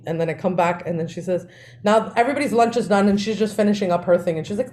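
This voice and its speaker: A woman, co-hosting a podcast and telling family stories in a lively way, often laughing. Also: mid-range voice, fast. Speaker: podcast co-host. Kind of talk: casual storytelling.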